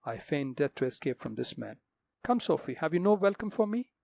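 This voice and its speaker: A man voicing a stern older gentleman who speaks solemnly and with authority. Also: fairly high pitch, sing-song, brisk, vocal fry, dry recording. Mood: commanding. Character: stern older man, a returned father figure.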